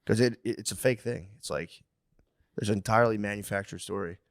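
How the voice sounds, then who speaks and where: A man's voice: on the low side, fast, no echo, clean studio sound. A man co-hosting a comedy podcast, rambling in casual chat, swearing and laughing often. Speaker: podcast co-host.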